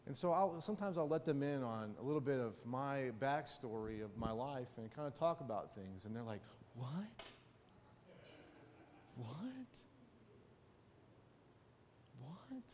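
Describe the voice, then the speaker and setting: A man giving a conversational sermon, telling personal stories and often checking in with his listeners with quick rhetorical questions. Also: mid-range voice, animated, darkish tone, a little hiss or hum. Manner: personal storytelling. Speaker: preacher. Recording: long hall reverb.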